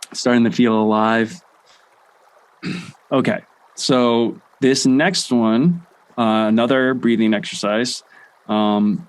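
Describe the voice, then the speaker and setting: A young adult man guiding a laughter meditation session in a relaxed way, with many fillers and restarts. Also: mid-range voice. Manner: chanting rhythmic ho ho ha ha. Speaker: meditation guide.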